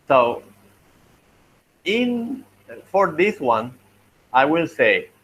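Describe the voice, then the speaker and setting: A man teaching a linguistics class, talking slowly and thinking aloud as he works through examples. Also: mid-range voice, sharp tone, highs cut off. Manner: slow, thinking aloud while writing, frequent "okay" and "let me see". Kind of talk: online class lecture.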